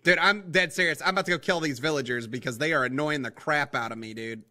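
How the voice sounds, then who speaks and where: A young man giving rambling, excitable commentary while playing a game, talking to his viewers as guys and boys. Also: a little high, fast talker. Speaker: gaming video host. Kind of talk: casual let's-play commentary.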